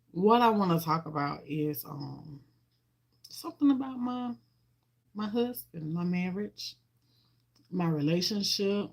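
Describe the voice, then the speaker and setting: A woman's voice: fairly low pitch, creaky. A woman, chatting on a livestream and greeting viewers, talking emotionally and heartfelt, often repeating herself. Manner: talks to viewers and greets them by name. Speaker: vlogger. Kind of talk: casual livestream chat.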